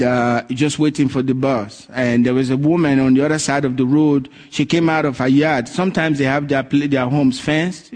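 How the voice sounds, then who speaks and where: A man preaching a sermon, telling stories with energy and acting out the voices of the people in them. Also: medium pitch. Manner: animated storytelling, acting out quoted voices. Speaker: pastor.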